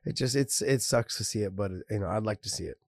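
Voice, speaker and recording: A man's voice: fairly low pitch, fast, vocal fry, dry recording. Male podcast host, upbeat casual talker, dry recording. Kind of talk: casual chat.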